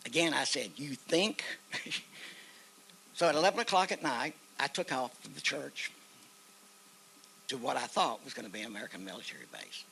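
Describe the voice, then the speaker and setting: A man's voice: mid-range voice, big pitch swings, a little fast, creaky, pauses often, sharp tone, slight background noise, poor audio. An older man with an Oklahoma accent, telling a personal war story at an outdoor ceremony in a folksy way, acting out the voices in it. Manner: folksy storyteller, acts out quoted dialogue. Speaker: guest speaker, veteran. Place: outdoor park memorial ceremony.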